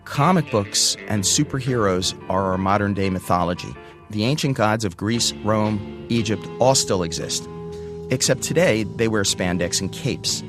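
An older man from the United States recounts his own story with animated energy, slipping into the voices of others as he goes. His voice sits on the low side. Guitar music plays clearly beneath him. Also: normal speed. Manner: animated, acts out quoted voices. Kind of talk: first-person storytelling.

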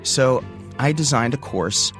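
A man in his sixties from the United States telling a first-person story, animated and acting out the voices of the people he quotes. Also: mid-range voice, takes it slowly. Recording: guitar music underneath.

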